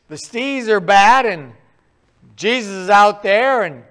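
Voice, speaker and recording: A man preaching a sermon in a conversational, animated storytelling way, acting out quick asides. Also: high-pitched, clean tone.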